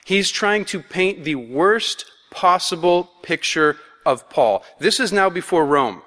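A man's voice: high-pitched, expressive, takes it slowly, sharp tone. A man preaching a sermon in a conversational, playful way, acting out voices as he goes. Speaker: pastor. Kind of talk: expository sermon. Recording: long hall reverb.

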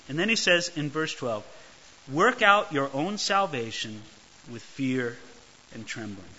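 Guy preaching a sermon, really animated, sharp bright voice, kinda muffled recording. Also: on the high side, normal speed, slightly rough. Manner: animated, emphatic, acts out quoted voices. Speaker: pastor. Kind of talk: expository sermon. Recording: dull lo-fi recording.

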